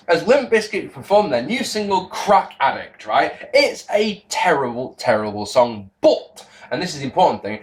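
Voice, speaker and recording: Animated man rambling through a review. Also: a little high, normal speed, few pauses. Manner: rambling, self-interrupting, excitable. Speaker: wrestling video reviewer. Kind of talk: casual spoken review to camera.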